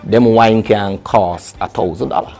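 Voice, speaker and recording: A young adult man, a soca artist chatting lively and casually in an interview. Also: fairly low pitch, measured pace, creaky. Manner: lively, chatty, full of restarts and local phrasing.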